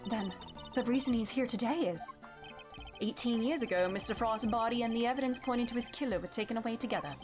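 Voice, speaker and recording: A woman's voice: on the high side, lightly acted. A woman reading a methodical prosecutor. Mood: deducing. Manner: measured, deductive. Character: calm methodical male prosecutor. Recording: game music behind the voice.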